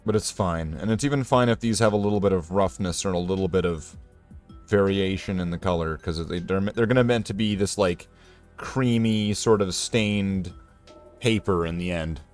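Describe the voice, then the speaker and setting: A man's voice: deep voice, normal speed, darkish tone. A man casually chatting while painting miniatures, rambling and joking at his own expense. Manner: rambling, joking, self-deprecating. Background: faint guitar music.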